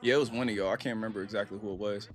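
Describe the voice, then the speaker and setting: A man's voice: on the low side, steady tone, rapid-fire, faint music behind. A man from Virginia hosting a casual livestream, chatting with viewers in a laid-back, slangy way. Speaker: livestream host. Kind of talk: casual livestream chat reading comments.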